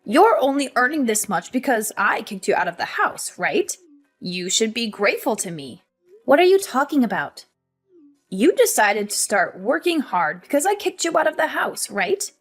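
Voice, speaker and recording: A woman voicing a cold, scornful middle-aged mother in an animated story, with a cutting, dismissive way of talking. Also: a little high, moderate pace, soft background music. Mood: wheedling.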